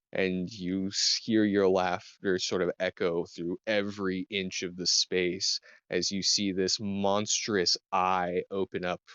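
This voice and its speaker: A very low-voiced man leads a tabletop game, describing a dream scene slowly, with many pauses and fillers. His voice is dry and close to the mic. It comes through a dull, muffled online voice chat. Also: fairly bright tone, smooth, no echo. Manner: slow and halting, many fillers. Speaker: game master.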